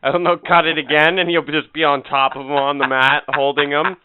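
Brief: male podcast co-host, deadpan jokes, smooth and slightly high voice, phone-like sound. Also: a little fast, no room sound. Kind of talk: crude casual chat.

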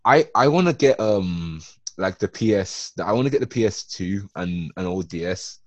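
A young man, co-hosting a podcast in casual, animated, slangy chat. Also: deep voice, no room sound, dull audio. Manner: animated, rambling, slangy, quick to laugh. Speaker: podcast co-host.

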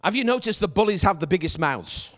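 High, bright-voiced evangelist preaching. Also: male voice, expressive, brisk. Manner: preaching with shouted, emphatic lines. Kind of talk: sermon.

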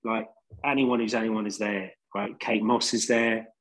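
In an unhurried, level tone, a band singer with a London accent rambles through easygoing stories on a podcast, using many fillers. His voice is fairly low and the recording is rough.

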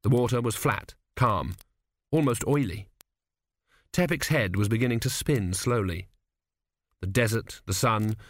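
A man narrating a comic fantasy audiobook in a wry, expressive storytelling manner. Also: on the low side, no room sound. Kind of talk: scripted narration.

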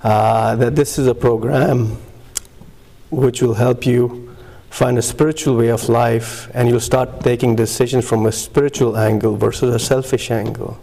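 A man shares his personal testimony at a recovery meeting. His voice is gravelly, and he stops often to search for words. His speech is full of fillers and pauses. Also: mid-range voice, fairly even intonation, warm tone. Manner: halting, many fillers and pauses.

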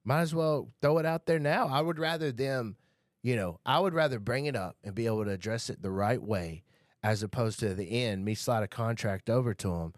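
A man's voice: medium pitch, brisk, no echo, studio quality. A man talking casually on a podcast, telling stories about sales training and acting out quotes. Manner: relaxed storytelling, acts out quotes, swears casually. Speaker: podcast guest, sales coach. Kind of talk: casual chat.

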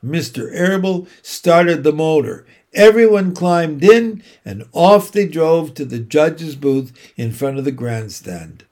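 A man reading a children's book aloud, narrating slowly and deliberately. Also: on the high side, lively intonation, darkish tone. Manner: slow, deliberate storytelling.

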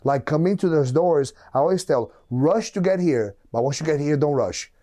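A man's voice: on the high side, animated, moderate pace, dark tone. A man, a martial arts coach co-hosting a podcast, who talks in emphatic, repetitive, run-on phrases. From Brazil. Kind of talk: casual chat.

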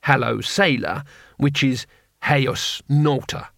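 A man's voice: mid-range voice, slow, gravelly, fairly bright tone, no room sound, studio quality. A man voicing a nervous, pedantic schoolteacher who hesitates and keeps correcting others.

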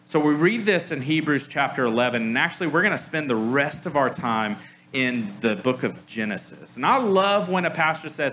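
A male pastor delivers a relaxed, chatty sermon, his voice bright and forceful. His pitch swings widely as he tells stories and drops "like" into his talk, with a light self-deprecating humor, over a faint hiss. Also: fairly quick. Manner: casual storytelling, frequent "like" fillers. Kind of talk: conversational sermon.

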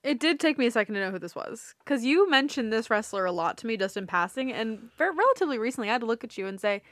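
A woman with a fairly high voice, chatting as a podcast co-host. She reacts bluntly and with emphasis, and the sound is close and dry. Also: lively intonation, fast talker, few pauses, a bit bright, no echo. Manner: blunt,喜 exaggerated reactions and swearing. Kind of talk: casual podcast chat.

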